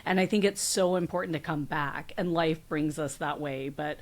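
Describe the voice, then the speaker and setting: Host, woman in her forties, low-pitched, reflective and affirming in interview chat. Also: moderate pace. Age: 40s. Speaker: podcast host.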